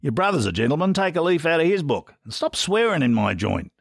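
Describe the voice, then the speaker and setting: A man's voice: fairly high pitch, very animated, fairly quick, creaky, breathy edge, no room sound, studio quality, pitched above the performer's own voice, heavily acted. Man doing a scolding Aussie publican. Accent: Australian. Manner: scolding, blokey. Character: gruff Australian pub owner, middle-aged man.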